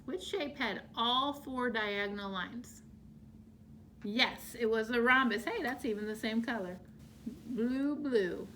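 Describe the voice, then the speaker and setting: A woman teacher explaining shapes to young children, slow and exaggerated in her delivery. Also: a little high, pushed and bright, a little hiss or hum. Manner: slow, drawn-out, exaggerated for small kids.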